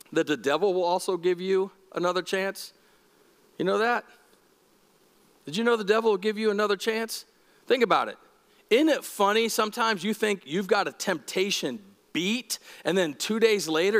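High-voiced male pastor in an echoey hall. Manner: conversational, animated, asks the congregation questions. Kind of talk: sermon. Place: church.

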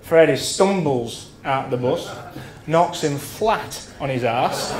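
A man's voice: a little high, animated, takes it slowly, few pauses. Guy in his 30s doing an after-dinner speech, crude stories n swearing, roomy hall, faint crowd hum behind. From England. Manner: bawdy, swearing storyteller acting out characters. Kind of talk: after-dinner anecdote telling. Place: function room at a dinner.

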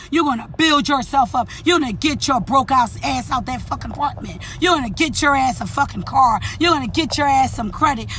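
A woman, stuffy from an allergy cold, telling a profane, animated storytime rant in her daily vlog segment, cussing and laughing at her own story. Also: high-pitched, slight background noise. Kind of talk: profane, ranting storytime monologue.

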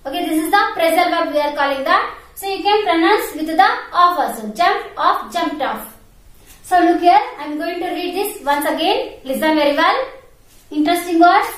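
A woman's voice: extremely high pitch, animated, normal speed. A woman teaching an online primary school English class, spelling words out letter by letter and repeating their pronunciation. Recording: very echoey room.

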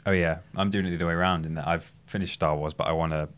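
A man co-hosting a gaming podcast in casual chat, with a relaxed, wry way of talking. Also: low voice, rapid-fire. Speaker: podcast co-host.

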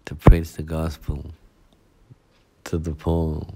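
A man's voice: a bass voice, monotone, slow, very noisy. A male pastor, preaching a midweek sermon with heavy repetition and rhetorical asides.

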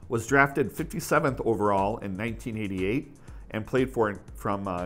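A man's voice: on the low side, fairly bright tone. A man hosting his own autograph collecting channel, talking in an upbeat, chatty way with fillers and self-corrections. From United States. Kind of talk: casual enthusiastic vlog.

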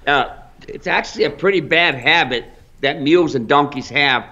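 An American man who runs a mule ranch answers viewer questions in a folksy, plain-spoken way, calling his audience folks. His voice sits a little high for a man. The live-stream audio is dull and lo-fi. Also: normal speed, pushed and bright. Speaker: mule ranch owner and trainer.

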